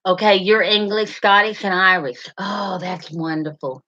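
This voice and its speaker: Speaking slowly with a bright, forceful, medium-pitched voice, a woman runs a casual livestream. She chats and rambles through comments, greeting viewers by name, over slightly dull lo-fi audio.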